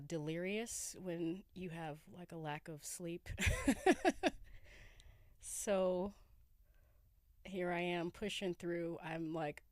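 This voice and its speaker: A woman's voice: on the low side, darkish tone, no echo. A woman in her forties hosting a casual solo podcast from her camper van, groggy with a morning voice, laid-back and giggly, dropping slang and swearing. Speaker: podcast host.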